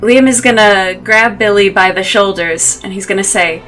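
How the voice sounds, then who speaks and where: A woman's voice: mid-range voice, normal speed, hardly any pauses. Woman player at a tabletop game, chill, curious, bit of music in the background. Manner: inquisitive, relaxed. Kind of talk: casual tabletop play.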